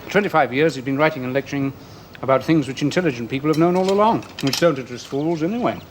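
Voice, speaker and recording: A man's voice: on the high side, fast, close to an everyday voice. An actor playing a bitter, envious middle-aged man who mocks others with theatrical scorn, in a 1970s television play. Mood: sardonic. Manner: sardonic, mocking, theatrical. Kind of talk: 1970s television drama acting. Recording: old television sound with faint hiss.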